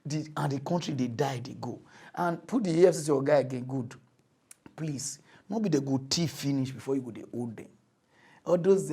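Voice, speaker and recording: A man speaking Nigerian Pidgin English, hosting a satirical mock news show in an animated rant that swings from mutters to loud outbursts. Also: a little high. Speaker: comedy news host.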